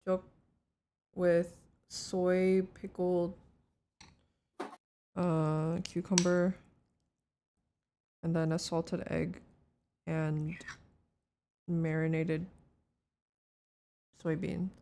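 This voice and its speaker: A woman's voice: on the low side, level tone, very slow, pauses often, mellow, a little hiss or hum. A woman in her twenties, a streamer, chatting casually and teasing a friend over voice chat. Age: 20s.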